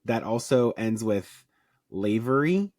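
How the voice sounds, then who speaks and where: A podcast co-host with a Southern US twang, talking in blunt, emphatic, profane bursts with quick asides. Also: mid-range voice, lively intonation, a little mellow, no room sound, clean studio sound. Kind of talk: casual podcast chat.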